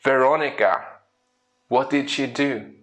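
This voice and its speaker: In an unhurried, medium-pitched voice, a coach and speaker delivers a storytelling talk. He's lively, questioning the audience and performing little scenes with quoted voices.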